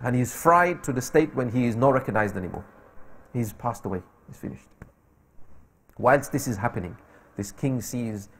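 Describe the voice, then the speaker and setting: A man preaching a sermon in a mosque, telling a story and voicing its speakers, with emphatic rises. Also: mid-range voice. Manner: voices the story's speakers, rising to emphatic peaks.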